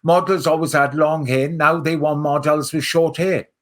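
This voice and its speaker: A man's voice: fairly high pitch, steady tone, normal speed, a bit bright. A man hosting a podcast interview, asking encouraging questions with small restarts. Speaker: podcast host.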